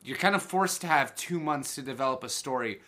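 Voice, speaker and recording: A man's voice: medium pitch, lively intonation, fairly quick, bright, forceful tone. A man co-hosting a casual wrestling podcast, enthusiastic and agreeable. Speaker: podcast co-host.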